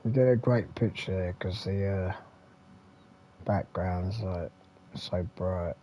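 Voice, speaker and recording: A man's voice: low voice, takes it slowly, dull audio, a little hiss or hum. A man with an English accent, hosting a retro gaming channel, rambling casually with mild swearing and lots of fillers and restarts.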